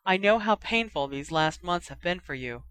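A reader voicing a stern older woman professor, speaking in a measured, quietly firm way. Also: mid-range voice, animated, smooth, dry recording, lightly acted. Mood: grave. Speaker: Professor McGonagall.

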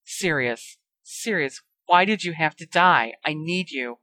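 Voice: medium pitch, lively intonation, a little slow, pushed and bright. A narrator as a shaken teen wizard. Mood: grieving. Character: shaken determined teenage boy wizard.

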